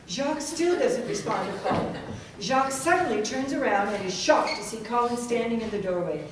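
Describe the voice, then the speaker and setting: A woman's voice: on the high side, animated, normal speed, background noise. A woman narrating and reading stage directions in a matter-of-fact way, recorded echoey and from a distance. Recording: echoey room from far off.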